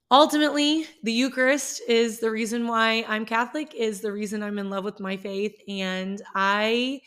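A woman's voice: mid-range voice, fairly bright tone, smooth. A woman who teaches middle school, talking about her faith in a personal vlog, earnest and heartfelt, often restarting her sentences.

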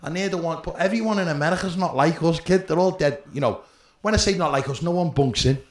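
A man's voice: fairly high pitch, fast talker. Swearing Scouse man telling tales. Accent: Liverpool. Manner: rambling, animated, full of "mate" and "you know what I mean". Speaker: podcast host. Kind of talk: casual storytelling with heavy swearing. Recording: echoey room with faint noise.

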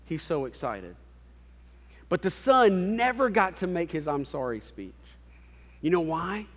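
A man preaching a sermon as a pastor, telling a story with animated, acted-out voices. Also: on the high side, unhurried. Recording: long hall reverb.

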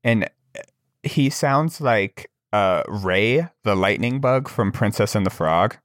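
Podcast co-host, man, low register, chatty storyteller with lots of fillers. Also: lively intonation, takes it slowly, dry recording, studio quality. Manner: rambling storyteller, many fillers. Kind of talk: casual chat.

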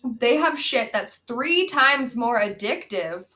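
Woman, podcast co-host, casual movie chat, rambling, fillers, laughs a lot, higher voice. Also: lively intonation, slow, bright, forceful tone, low-quality recording.

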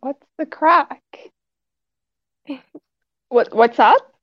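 Giggly high-voiced South African woman. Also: very slow, no echo, dull audio. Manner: giggly, expressive. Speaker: podcast guest. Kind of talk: casual podcast chat.

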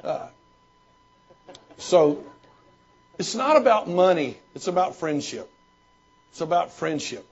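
A man's voice: fairly high pitch, big pitch swings, takes it slowly, gravelly, pauses often, slightly rough. A man, a pastor and former missionary, answering questions in folksy storytelling with many restarts. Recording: dull lo-fi recording.

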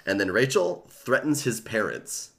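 A man's voice: mid-range voice, measured pace, gravelly, slight background noise. A man hosting a podcast, casually recapping a book's plot with lots of "like" and swearing. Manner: relaxed storytelling, peppered with "like" and swearing. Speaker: podcast host. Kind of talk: casual book recap chat.

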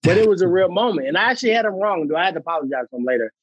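A man's voice: sits high, very fast, slightly rough, dry recording. Man, thirties, podcast guest, storyteller, playful, dry room, lo-fi. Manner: animated storyteller, acts out quotes, laughs often. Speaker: guest, pro fighter. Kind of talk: casual podcast chat.

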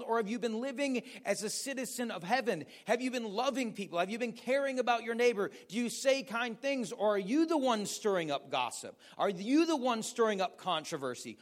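An American man, a pastor, preaching a sermon with animated storytelling and questions for the audience. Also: high voice, moderate pace, few pauses. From United States.

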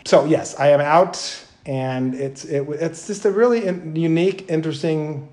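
A man's voice: fairly high pitch, moderate pace, reverberant. A man co-hosting a casual comedic podcast, telling stories with lots of laughter and acted-out quotes. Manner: animated storyteller, laughs often, acts out quoted people. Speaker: podcast co-host.

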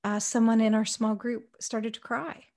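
A woman appearing as a ministry guest in an interview tells stories earnestly and animatedly, acting out what people said. Her voice is on the high side and her pace a little slow.

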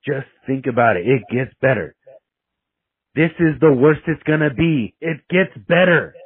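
A man voicing a calm male drill sergeant who quietly reassures a recruit in a low, near-whispered voice, heard over a dry, tinny, phone-like recording. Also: a little slow, breathy edge, dry recording. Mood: quietly reassuring.

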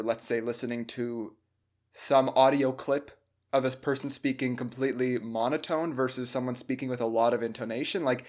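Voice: medium pitch, darkish tone. A podcast host who sums up the guest's points and asks curious follow-up questions, now and then with a playful joke. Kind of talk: casual podcast interview.

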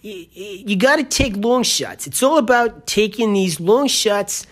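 A man voicing a boastful middle-aged male gambler in a vague, unplaceable accent, talking in a slow, drawn-out, self-assured way. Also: high voice, big pitch swings, slightly rough, exaggerated voice.

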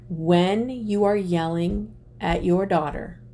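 A woman speaking to an audience, telling a personal story slowly and deliberately, with pauses and restarts. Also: lowish voice, dark tone. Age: adult parent. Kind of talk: reflective personal talk to an audience.

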